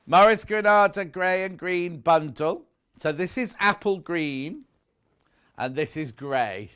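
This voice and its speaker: A man's voice: high voice, lively intonation, takes it slowly, fairly bright tone, smooth. A man presenting fabrics on a live shopping channel, chatty and gushing, stopping often to correct himself. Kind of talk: live TV sales pitch.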